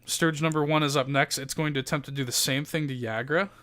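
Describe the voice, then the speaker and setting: A man's voice: on the high side, steady tone, fast talker, fairly bright tone. A man running a tabletop game as game master, narrating loosely with many fillers and casual swearing.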